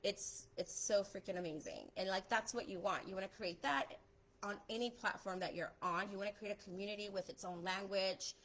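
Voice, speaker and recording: Fast, chatty woman on a live stream. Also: medium pitch, fairly bright tone, poor audio. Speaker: photographer giving social media tips. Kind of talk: casual live stream talk. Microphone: phone or webcam on a live stream.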